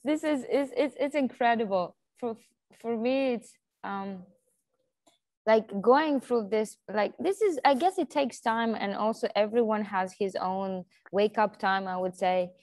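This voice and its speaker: A woman interviewer who talks haltingly, searching for words with many restarts. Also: on the high side, darkish tone, no echo. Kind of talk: casual interview conversation.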